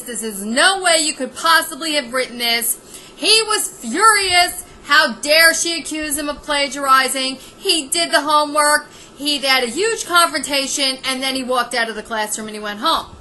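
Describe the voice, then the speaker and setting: High, very bright sarcastic ranting woman. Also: slight background noise, low-quality recording. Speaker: vlogger. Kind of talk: comedic rant.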